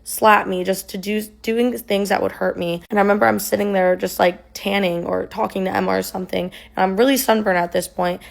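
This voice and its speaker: A woman's voice: mid-range voice, steady tone, fairly quick, gravelly, few pauses. A young woman casually recounting a personal story, rambling with lots of "like" and "um". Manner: rambling, filler-heavy retelling with many "like" and "um".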